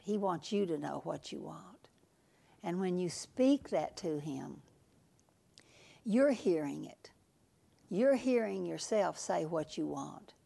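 A woman preacher delivering a sermon at an unhurried, deliberate pace. Her voice carries a gravelly, creaky edge, and she presses her points home through repetition. She sometimes sinks to a near-whisper for asides. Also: lowish voice, warm tone.

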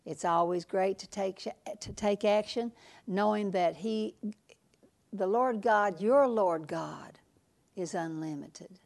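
A woman preacher delivering a sermon at an unhurried, deliberate pace. Her voice carries a gravelly, creaky edge, and she presses her points home through repetition. She sometimes sinks to a near-whisper for asides. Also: medium pitch, darkish tone.

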